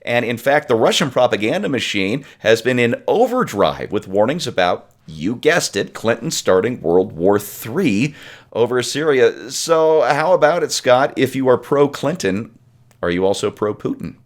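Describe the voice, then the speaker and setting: A man hosting a political talk show, setting up questions in a brisk, wry way. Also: mid-range voice, sing-song. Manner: brisk, wry, reads lead-ins to questions. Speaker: host.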